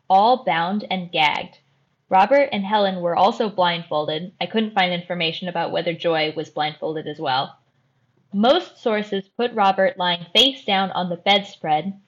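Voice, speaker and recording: A woman hosting a podcast and telling a true crime story in a careful, measured way. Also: mid-range voice, muffled recording. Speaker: host.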